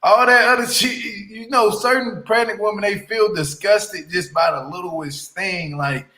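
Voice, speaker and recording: A man with a high, bright voice hosts a loose, slangy chat. He is insistent and repeats his lines to drive a point home. His voice rings in an echoey room. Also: a little slow. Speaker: show host. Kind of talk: casual panel chat about a reality show.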